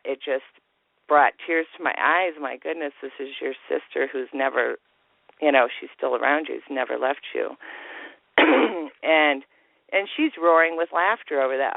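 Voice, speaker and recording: Man, caller, gravelly voice, somewhat high, tinny phone line, dry sound, animated storytelling. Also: no room sound. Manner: storytelling, acts out quoted voices, frequent laughter. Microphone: telephone.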